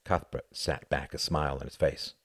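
Deep, husky audiobook narrator. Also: male voice, steady tone, normal speed, a bit bright, dry recording, studio quality. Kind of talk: scripted narration of a novel.

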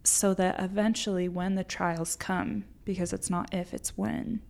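A woman's voice: fairly low pitch, steady tone, a little slow, creaky, darkish tone. A woman guest on a podcast, talking earnestly and emotionally about her faith, getting choked up at times. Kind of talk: heartfelt faith conversation.

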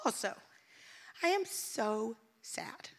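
A woman's voice: on the high side, animated, slow pace, a bit bright. A woman pastor speaking candidly to her church, emotional and laughing often. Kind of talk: sermon-style church announcement. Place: church stage.

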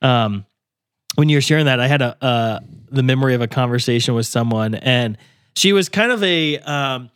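A man's voice: mid-range voice, moderate pace, fairly bright tone, smooth, no echo, clean studio sound. Earnest man sharing faith stories. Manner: earnest, storytelling, acts out prayers in quotes. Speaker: podcast co-host and author. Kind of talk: casual faith conversation.

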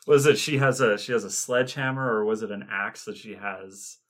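A man's voice: lowish voice, fairly bright tone. A man co-hosting a podcast, recapping scenes in casual chat with rambling asides and many fillers. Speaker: podcast co-host.

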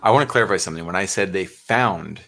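Man hosting a podcast, really low voice, gravelly, cheers his guest on. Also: fast, pushed and bright. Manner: supportive, affirming, summarizes the guest's points. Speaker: podcast host. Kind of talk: casual interview.

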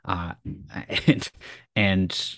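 A man's voice: sits low, fairly even intonation, drawn-out words, fairly bright tone, dry recording. A male co-host on a casual sports podcast, easygoing and jokey. He often stops on filler words mid-thought. The recording is dry and close. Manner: easygoing, joking, hesitant fillers.

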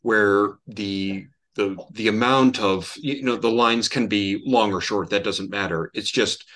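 A podcast co-host joins remotely from his home, keen and talkative in a casual conversation, though he often stumbles and starts his sentences over. He has a fairly low, slightly bright voice.

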